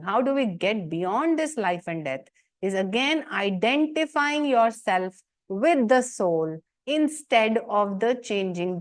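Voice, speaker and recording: A woman, teaching as a spiritual teacher in an earnest commentary talk full of rhetorical questions and emphatic repetition. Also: medium pitch.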